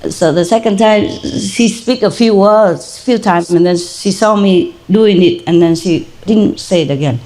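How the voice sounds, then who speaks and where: A woman's voice: medium pitch, unhurried, few pauses, a little mellow. An older woman with a Vietnamese accent, a native speaker of Vietnamese, telling a personal story in an informal spiritual talk and laughing often. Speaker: spiritual teacher.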